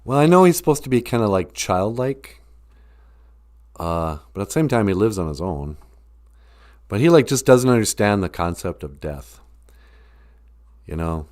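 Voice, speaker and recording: A joking live stream host who rambles from one thought to the next, his pitch rising and falling in a lively way. He talks casually to his viewers and reads out their comments. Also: moderate pace, long pauses.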